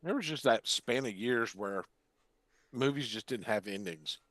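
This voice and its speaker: A man's voice: mid-range voice, expressive, measured pace, fairly bright tone, dry recording. An older man co-hosting a podcast, chatting casually and cracking crude jokes he chuckles at himself. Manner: crude joker, chuckles at his own gags. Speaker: podcast co-host. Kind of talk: casual chat.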